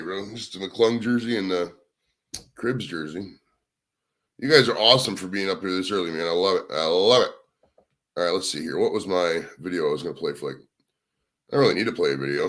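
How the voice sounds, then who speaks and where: A young man with a lowish, bright voice and forceful tone hosts a casual livestream from his home, indoors. He chats to viewers in a rambling, profane way.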